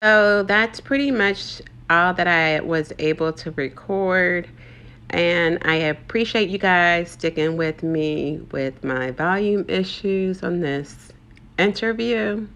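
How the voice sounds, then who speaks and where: Slow, smooth-voiced woman host. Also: fairly low pitch, fairly bright tone. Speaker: interviewer and channel host. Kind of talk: casual outro to viewers.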